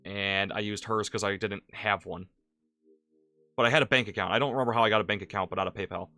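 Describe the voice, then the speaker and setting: A man's voice: lowish voice, fairly even intonation, fast, sharp tone, soft background music. A man streaming a game and chatting casually, rambling with restarts and frequent cursing. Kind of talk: casual gaming stream commentary.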